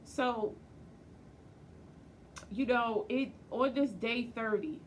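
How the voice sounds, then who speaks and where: A woman's voice: on the high side, very slow, a little hiss or hum. A woman in her forties recording a personal video diary, emotional and close to tears as she speaks tenderly to her daughter. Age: 40s. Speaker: vlogger and mother.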